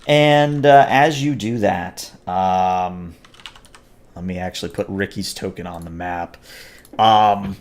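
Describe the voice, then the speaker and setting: A man runs a tabletop game, narrating scenes and explaining rolls. He talks in a low voice and hesitates often, filling gaps with filler sounds. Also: slow pace. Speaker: game master.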